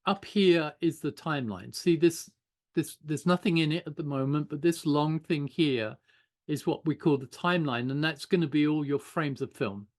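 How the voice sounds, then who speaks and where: Drawing and thinking aloud, an older animation teacher chats loosely during an informal online class. His voice is a little high and moves at a moderate pace.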